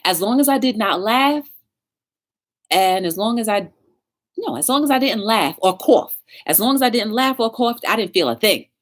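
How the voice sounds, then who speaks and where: A woman's voice: mid-range voice, lively intonation, normal speed. A woman hosting a live-stream talk show, telling stories with energy and greeting viewers in the chat by name. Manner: upbeat, encouraging.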